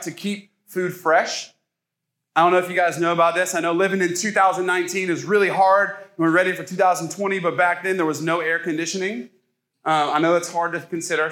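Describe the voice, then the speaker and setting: A man's voice: fairly high pitch, fairly bright tone. A man in his thirties from Ohio, preaching a casual sermon as a pastor and joking with the congregation.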